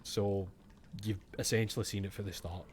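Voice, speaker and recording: A man's voice: fairly low pitch, fairly even intonation, moderate pace, slight background noise. A man with a Scottish accent giving casual, jokey commentary while playing a game, reading its text aloud and swearing often. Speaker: let's-play streamer.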